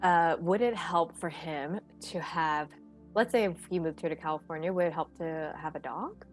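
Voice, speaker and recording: A woman asking hesitant, earnest questions in a casual session, with soft music behind her. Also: low-pitched, normal speed.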